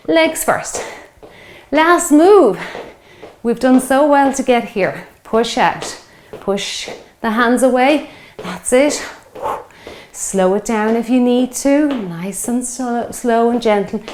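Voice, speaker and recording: A woman's voice: mid-range voice, darkish tone, slight background noise. A woman, leading a home workout and coaching encouragingly while exercising, a bit out of breath. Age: 50s. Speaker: fitness instructor. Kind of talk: guided workout instruction.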